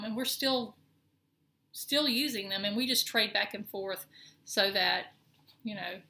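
Showing her cross-stitch projects, a middle-aged woman with a Southern accent chats in a gravelly, bright, forceful mid-range voice. She rambles somewhat, with lots of ums and restarts, and a slight hiss or hum sits under the audio.

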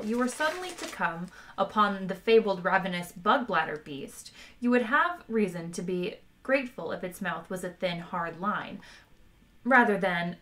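Bright-toned woman streamer reading a novel aloud. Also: mid-range voice. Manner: wry, chats with viewers between passages. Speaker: audiobook reader streaming live. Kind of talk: live-streamed book reading.

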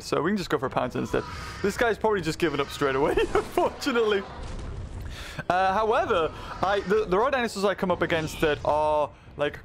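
A man with a high, bouncy voice that leaps all over the place chats excitedly through his gameplay, laughing often. He talks from his home desk into a microphone run through a mixer. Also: slight background noise. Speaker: gaming video creator. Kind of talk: casual let's-play commentary.

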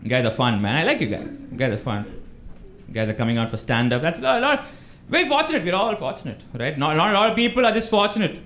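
A man's voice: a little high, sing-song, fast, a little hiss or hum. A young man from India doing a live stand-up set, who laughs through his jokes and acts out his phone calls. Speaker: stand-up comedian. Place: comedy club stage with a live audience. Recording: echoey club room, loud crowd laughter.

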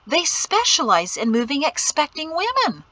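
A woman voicing a cheerful, flustered middle-aged mother who rambles in a bright, high voice. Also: wildly swooping pitch, normal speed, heavily acted.

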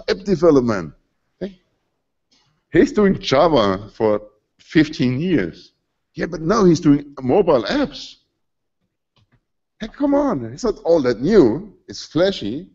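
A man's voice: fairly high pitch, very animated, measured pace, darkish tone, muffled recording. A man in his forties with a German accent giving a conversational, emphatic conference talk in a hall. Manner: conversational, emphatic, slightly non-native phrasing. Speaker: conference speaker.

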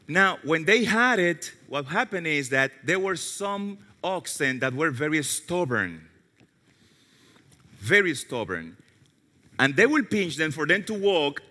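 A male pastor preaching a sermon with animated storytelling and self-mocking humor, sometimes dropping to a hushed low voice. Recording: long reverb of a large hall.

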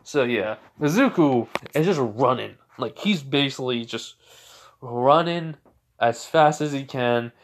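A man's voice: medium pitch, lively intonation, a little slow. A young man casually telling a fan story, rambling with many fillers and corrections.

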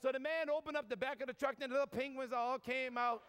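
High-voiced New Orleans priest, joking. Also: male voice, steady tone, fast talker, a bit bright, clean tone. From New Orleans, USA. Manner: folksy, joking, lots of y'all. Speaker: Catholic priest giving a talk. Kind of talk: preaching talk with humor. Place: large convention hall. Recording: long reverb from a large hall.

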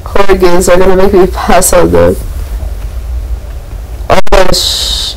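Nervous gamer yelping through a horror game, mic right at the lips, raspy fry in the voice. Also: medium pitch, level tone, slow, slight background noise, rough recording. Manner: jittery, keeps exclaiming in dread. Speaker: gameplayer. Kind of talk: horror gameplay commentary. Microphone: pressed right up to the mouth.

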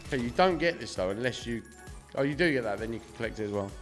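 A man's voice: medium pitch, expressive, fast, a bit bright, soft background music. A young man doing casual live-stream commentary, swearing freely and chatting to his viewers. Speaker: slot streamer.

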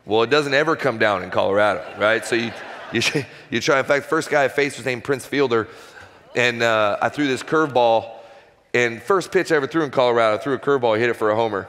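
A man in his forties giving an animated personal testimony talk as a guest speaker in a large church auditorium. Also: medium pitch, fast talker. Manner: conversational, animated storytelling. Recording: long hall reverb.

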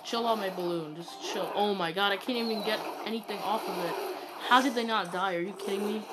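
A woman giving excitable, ranting commentary while playing a mobile game, swinging between yelling and muttering. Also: medium pitch, fairly quick, heavy background noise. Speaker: gaming YouTuber. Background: loud game music.

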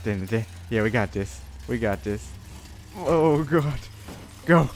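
A man talks over a game at an unhurried pace, laughing a lot. His pitch swings widely, and he breaks into high yelps and squeals when something surprises him. He is recorded on a desk mic at home, with faint music underneath. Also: animated. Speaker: gaming commentator. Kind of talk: casual let's-play commentary. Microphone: desk USB microphone.

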